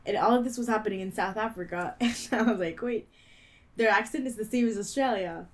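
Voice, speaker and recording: Co-host, female, Quebec French accent, native French speaker, halting casual talk full of "like". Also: mid-range voice, low-quality recording. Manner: halting, restarts, fillers like "like". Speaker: podcast co-host. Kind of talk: casual chat.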